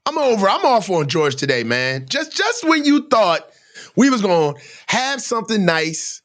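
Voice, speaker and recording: A man's voice: high voice, very animated, measured pace, fairly bright tone. A man hosting a live football reaction show, ranting in heated, slangy commentary.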